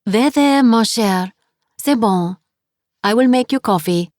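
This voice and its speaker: A woman's voice: on the high side, expressive, takes it slowly, dry recording, clean studio sound, voice pushed up. A woman voicing a cheerful, motherly French guest house owner who speaks English with a heavy French accent. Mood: kindly. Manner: warm, fussing, heavily accented English.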